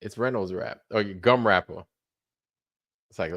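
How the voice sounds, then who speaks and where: A man's voice: lowish voice, unhurried, fairly bright tone, no echo, clean studio sound. A man hosting a livestream, chatting casually with joking, profane banter. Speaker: livestream host. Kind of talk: casual chat.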